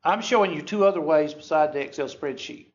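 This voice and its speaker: A male teacher lectures a class in a folksy, self-deprecating way, checking in with "okay?" again and again. His voice sits a little high. The recording is dull and lo-fi. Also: fairly quick. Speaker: statistics teacher.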